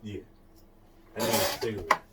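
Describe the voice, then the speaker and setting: A man listening and giving quiet, brief replies as the interviewer. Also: fairly low pitch, moderate pace. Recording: distant mic with loud clicking noise.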